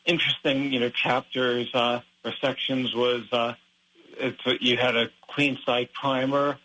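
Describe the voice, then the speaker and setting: Flat-voiced, hesitant male interviewer. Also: mid-range voice, measured pace, rough recording. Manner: hesitant, full of ums and uhs. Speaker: interviewer and host. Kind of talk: interview questions.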